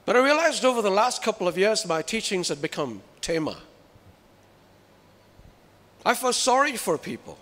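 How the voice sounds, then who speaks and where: A man's voice: high-pitched, sing-song, moderate pace, long pauses, a bit bright. A man preaching a sermon with emphasis, putting rhetorical questions to his listeners. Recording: reverberant hall.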